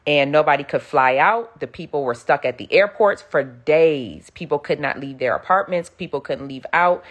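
Low-voiced woman preacher telling a testimony. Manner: animated testimony, acts out quoted voices. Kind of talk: sermon-style storytelling.

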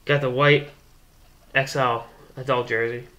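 A young man from the Boston area hosts his own hockey show and tells a long story in a casual, rambling way. His voice is bright and forward, and he often restarts his sentences as he builds the anecdote. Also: medium pitch, flat delivery, a little slow. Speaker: hockey blogger and show host.

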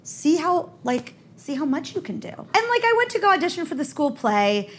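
A woman comedian talking candidly as an interview guest, telling stories quickly and animatedly with bursts of laughter. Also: high-pitched, sing-song, a bit bright.

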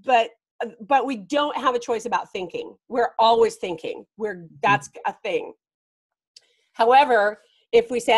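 A woman life coach talking as a guest on a casual podcast interview, animated and emphatic. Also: a little high, moderate pace, husky. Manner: animated and emphatic, laughing often.

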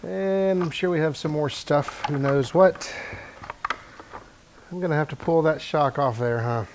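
A man's voice: fairly high pitch, unhurried, noisy background. A man casually narrating as he works in his garage, thinking aloud with wry, self-deprecating asides. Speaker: channel host repairing a motor scooter. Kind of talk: casual narration while working.

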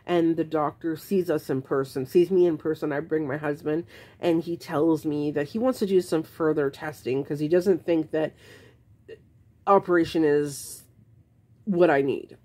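A woman's voice: deep voice, fairly even intonation, moderate pace, dark tone. A woman vlogging to camera, frankly telling her own story in a casual, exasperated way, rambling with restarts.

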